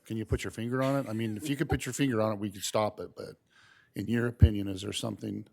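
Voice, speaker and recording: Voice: mid-range voice, fairly even intonation, quick pace, vocal fry, darkish tone. A county board member asks a rambling question at a public meeting, restarting with repeated fillers as he searches for words.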